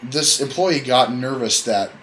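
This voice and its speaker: Hombre charlando con soltura en un pódcast, sonido con ligero ruido de fondo. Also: male voice, medium pitch, measured pace, fairly bright tone, slight background noise, rough recording. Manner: rambling, self-correcting, joking storyteller. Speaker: podcast host. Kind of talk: casual podcast chat.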